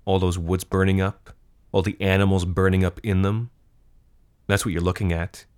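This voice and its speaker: Cruel, morbid teenage boy who mocks and relishes gory details, low and deep, as a man voices him for a storybook reading. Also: flat delivery, normal speed, darkish tone, smooth, close to an everyday voice. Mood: taunting.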